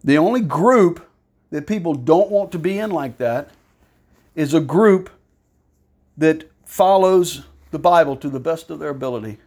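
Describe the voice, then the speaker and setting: Guy preaching, high voice, lots of why do you questions, goes sarcastic. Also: a little slow. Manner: animated, rhetorical questions, sarcastic mock-praise in raised pitch. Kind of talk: sermon.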